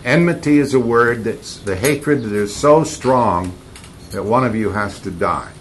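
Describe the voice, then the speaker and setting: A man's voice: medium pitch, animated, unhurried, slight background noise. A man giving informal Bible teaching to a group, emphatic, repeating key words and bantering with his listeners.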